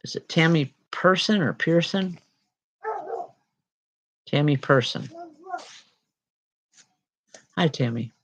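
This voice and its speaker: A woman's voice: low voice, expressive, slow, long pauses, dull audio. Woman medium giving reassuring readings. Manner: reassuring, relays messages from spirits; addresses people directly by name. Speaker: spiritual medium.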